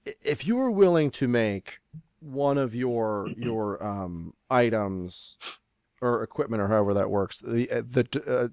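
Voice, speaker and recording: A man running a tabletop game, talking in a casual, halting way with plenty of ums. His voice sits in a middle range and sounds dry and close on a remote home mic. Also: medium pitch, animated, a little mellow, clean tone, dry recording. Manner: hesitant, many filler sounds. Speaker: game master.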